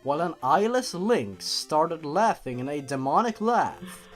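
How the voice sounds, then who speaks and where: A YouTube narrator reads a creepypasta for comedic effect, keeping an unhurried, deadpan delivery that he breaks with sarcastic asides. His pitch swings widely throughout. Soft, faint music plays beneath his voice.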